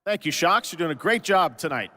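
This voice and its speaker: A male host hypes up an introduction on a big stage. His voice is high and bright with a forceful edge. A long hall reverb hangs on it, and it sounds picked up from a distance. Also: animated, a little fast. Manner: hyped, building to a shout. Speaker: show host.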